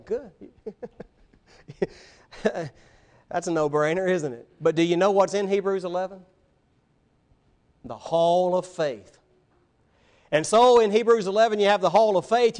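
High-voiced preacher. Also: male voice. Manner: animated storytelling, voicing biblical figures, addressing children. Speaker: pastor. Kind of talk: sermon.

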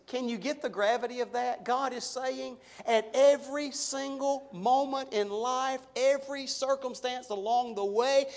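A middle-aged man preaching a sermon, slowing and swelling on key words for emphasis. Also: very high-pitched. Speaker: pastor.

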